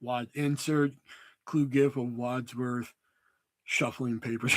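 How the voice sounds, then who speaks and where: A man hosting a casual movie chat, rambling with lots of swearing and fillers. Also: mid-range voice. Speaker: host.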